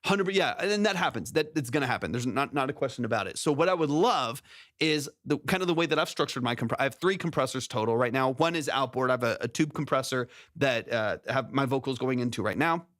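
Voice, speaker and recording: A man's voice: mid-range voice, expressive, fast talker, a bit bright, dry recording. A man hosting a music production stream, giving casual technical feedback on a song's mix, rambling and correcting himself as he goes, close on a compressed studio mic. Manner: rambling, self-correcting, sings demo syllables. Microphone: close studio mic with vocal compression.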